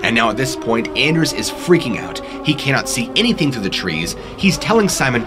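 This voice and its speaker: A man's voice: medium pitch, big pitch swings, a little fast, few pauses, over music. A man narrating scary true stories in a dramatic, suspenseful storytelling manner on a studio microphone.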